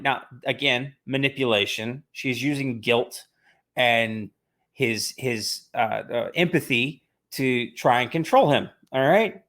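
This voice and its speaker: A man co-hosting a relaxed talk show, his voice sitting in an ordinary middle range. He speaks bluntly and swears freely, often rattling off points in quick bursts. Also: mid-range voice. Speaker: podcast co-host. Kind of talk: casual chat.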